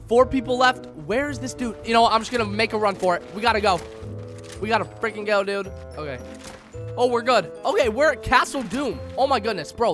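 A young man giving excited, slangy commentary while playing a video game, taunting opponents as he goes. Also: high-pitched. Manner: hyped, slangy, talks to opponents. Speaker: gaming YouTuber.

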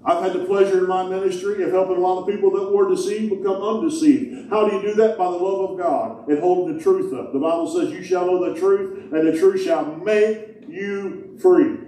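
A man's voice: high-pitched, fairly even intonation, normal speed, hardly any pauses, dark tone. Folksy male pastor preaching in echoey hall. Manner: folksy, emphatic preaching with rhetorical questions. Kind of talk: sermon. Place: large church hall. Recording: echoey hall heard from a distance.

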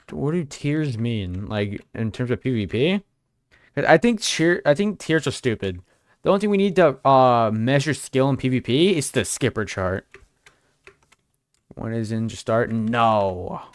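A man's voice: medium pitch, lively intonation, measured pace, no echo. A young man live-streaming a game, chatting casually and teasing his viewers in a joking way. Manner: joking, teasing chat banter.

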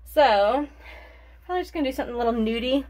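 A woman's voice: high-pitched, expressive, fast, a little mellow. A young woman chatting casually through a makeup tutorial, rambling and forgetful, short of breath and sighing between thoughts. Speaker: beauty vlogger.

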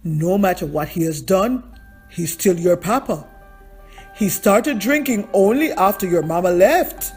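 A woman voicing a kind, earnest old grandfather who speaks gently and slowly. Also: lively intonation, soft background music. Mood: kindly. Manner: gentle, earnest, low and measured.

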